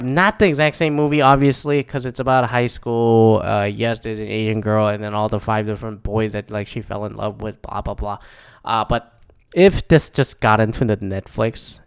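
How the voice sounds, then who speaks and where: A man's voice: mid-range voice, clear, resonant tone. A man giving a casual, rambling movie review, swearing often and acting out his own reactions in quotes. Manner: profane, rambling, animated, mock-quoting his own reactions.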